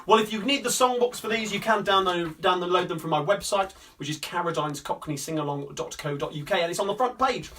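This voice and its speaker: A man's voice: sits high, brisk, hardly any pauses, pushed and bright, slight background noise. A man from hosting a live sing-along, chatting upbeat and rambling with lots of fillers. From Coventry, England. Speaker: singer and host of a live-streamed sing-along. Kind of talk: chatty live-stream banter between songs. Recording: distant mic with guitar playing.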